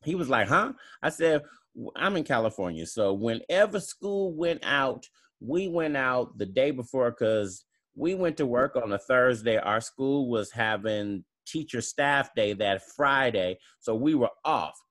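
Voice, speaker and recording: Relaxed man chatting on a podcast. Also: mid-range voice, measured pace. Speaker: podcast co-host. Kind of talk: casual podcast chat.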